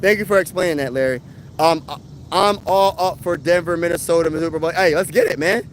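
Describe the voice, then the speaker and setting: A young man from Pennsylvania hosting a casual live sports talk stream, slangy and animated, answering viewer comments. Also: on the high side, a little fast, a little hiss or hum, low-quality recording. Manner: slangy, animated, rhetorical questions. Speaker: sports talk livestream host.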